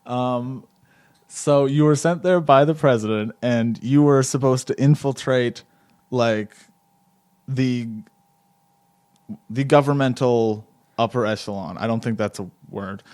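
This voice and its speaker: A man's voice: mid-range voice, a little slow, pauses often, darkish tone. A man hosting an improvised comedy podcast interview, rambling and stammering, often cracking up. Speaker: podcast host.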